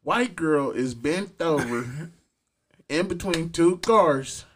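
A man hosting a podcast, telling a story in a slow, drawn-out way. His somewhat high voice rises and falls a great deal as he gets into it. The talk is casual and profane. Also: expressive, a little hiss or hum. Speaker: podcast host. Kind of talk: casual chat.

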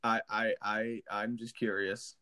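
A man's voice: on the low side, level tone, slow, sharp tone, dry recording, clean studio sound. A man co-hosting a casual podcast chat in a laid-back, teasing way, laughing along. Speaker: podcast co-host.

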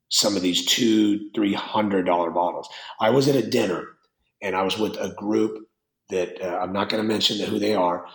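Blunt, rambling low-voiced winemaker. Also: male voice. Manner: animated, rambling, blunt, swears casually. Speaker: winemaker and wine business owner. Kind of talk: interview conversation. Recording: roomy echo.

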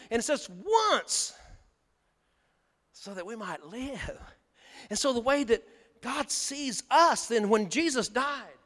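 A man's voice: extremely high pitch, fairly bright tone. A male pastor, preaching a sermon in a folksy, emphatic way in a church sanctuary. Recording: long hall reverb.

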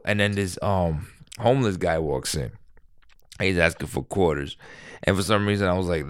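Deep-voiced New man telling a story. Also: moderate pace, dry recording, studio quality. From New York. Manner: rambling, animated, swears freely. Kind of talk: casual storytelling.

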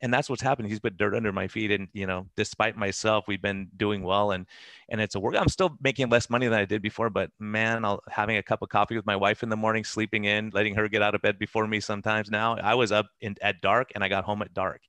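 Middle-aged male physician, low-ish voice, dry close sound, earnest rambler. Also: steady tone, fast talker, pushed and bright, no echo. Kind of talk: casual personal storytelling.

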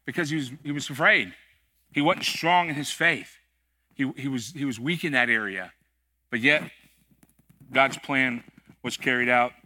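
A middle-aged man who serves as executive pastor preaches a sermon in a church sanctuary, conversational, joking and emphatic. His voice is fairly high, bright and forceful.

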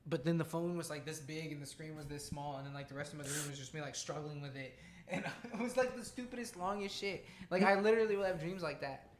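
A young man in animated casual chat, swearing and saying "bro" and "like" a lot. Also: on the high side, fast, a little hiss or hum.

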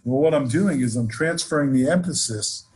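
A man teaching a jazz lesson, explaining scales in a relaxed way and counting off examples. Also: medium pitch, moderate pace, husky, soft background music. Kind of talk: instructional lesson with playing examples.

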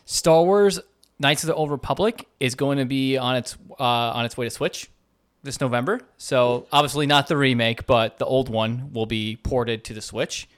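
A man's voice: mid-range voice, fairly even intonation, moderate pace, clear, resonant tone, no room sound. A man co-hosting a casual gaming news podcast, chatty and upbeat. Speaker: podcast co-host.

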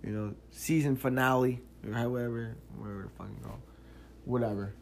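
A man hosting a casual solo podcast, telling stories in an animated, slangy way, cursing freely and filling his talk with "yo" and "like". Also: mid-range voice, fairly quick, gravelly, slight background noise. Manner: animated, slangy storytelling with frequent "yo" and "like"; curses freely. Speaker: podcast host.

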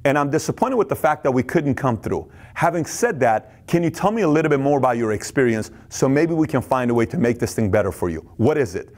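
A man giving an intense, high-energy business talk, who acts out little scenes of dialogue and sometimes stammers and repeats words. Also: expressive, fairly quick, hardly any pauses, a little mellow. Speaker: business speaker.

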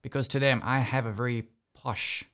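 South african guy hosting a studio show, rambly and chatty, middle pitch voice. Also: fairly even intonation, normal speed, fairly bright tone. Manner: chatty, rambling, self-correcting. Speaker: host. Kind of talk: casual studio interview.

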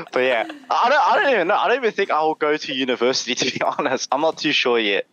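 Animated young Australian man, dull dry audio. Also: fairly high pitch. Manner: rambling, many fillers and restarts, laughs often. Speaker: podcast guest. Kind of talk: casual chat.

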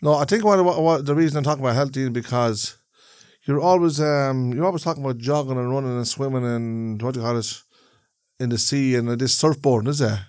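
A man's voice: medium pitch, brisk, darkish tone, no room sound, clean studio sound. A man, co-hosting a podcast in casual banter, teasing and hesitant, laughing often. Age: 50s. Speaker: podcast co-host.

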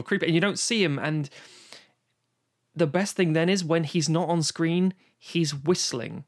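A man in casual podcast chat about film, animated and profane, acting out quotes as he goes. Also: a little high, moderate pace. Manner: animated, swearing, acts out quotes. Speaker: podcast guest discussing films.

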